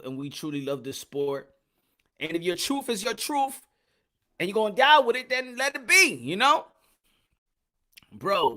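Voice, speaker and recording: A lively man hosts a boxing live stream, talking in loose, repetitive bursts and shouting out names from his chat. His voice has a bright, forceful edge. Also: sits high. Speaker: boxing channel host. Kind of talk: live-stream commentary chatting with viewers.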